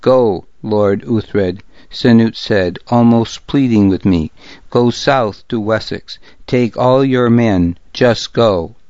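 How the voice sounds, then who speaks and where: A man voicing a proud but weary Danish jarl who speaks in a measured, almost pleading way. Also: medium pitch, a little mellow, clear, resonant tone, no room sound, highs cut off, lightly acted. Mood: grave.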